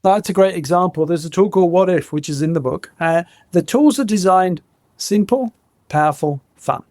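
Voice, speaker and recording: A middle-aged man, a podcast guest, telling animated stories, laughing often and acting out quoted lines. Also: high-pitched, normal speed, no room sound. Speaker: guest, former innovation head. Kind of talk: animated anecdotal storytelling.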